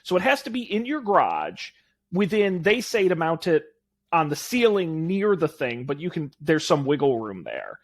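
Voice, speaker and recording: Higher-voiced man giving confident tech advice. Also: wildly swooping pitch, normal speed. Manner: confident, recommending. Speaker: podcast co-host. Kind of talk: casual tech chat.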